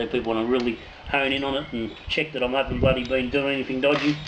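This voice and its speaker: A man's voice: medium pitch, little pitch movement, fast, hardly any pauses. A man, a home brewer hosting his own channel, drawing raffle winners and chatting casually, joking and swearing freely. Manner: jokey, swears casually, trails off and restarts. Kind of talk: casual raffle draw and brewing chat. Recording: echoey room with noticeable noise.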